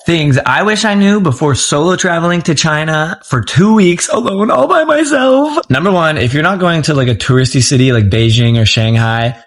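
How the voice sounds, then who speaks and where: A man's voice: fairly high pitch, lively intonation, normal speed, hardly any pauses. A man from the United States giving numbered travel tips in a casual vlog style, with frequent filler words. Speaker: travel vlogger.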